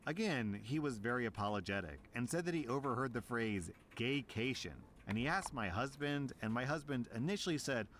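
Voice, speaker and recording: A man streamer reading a story aloud and reacting, amused and animated. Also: mid-range voice, fairly quick, hardly any pauses, a little hiss or hum. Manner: amused, breaks into laughter.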